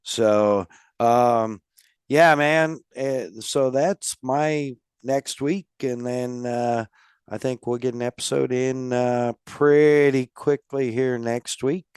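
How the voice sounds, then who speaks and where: A man hosting a casual podcast chat, with a slightly nasal voice and a relaxed, rambling way of talking full of fillers. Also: medium pitch, slow, clear, resonant tone, no echo, clean studio sound. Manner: laid-back, rambling with many fillers. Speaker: podcast host.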